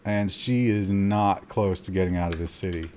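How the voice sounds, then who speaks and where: A man streaming a survival game, giving live commentary with excitable gasps between calm asides and talking to his chat. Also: sits low, normal speed, slight background noise. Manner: talks to chat.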